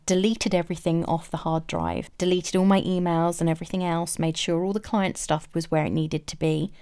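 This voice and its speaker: Woman vlogger, candid first-person story, fairly low pitch, reflective and matter-of-fact. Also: a little mellow, clear, resonant tone.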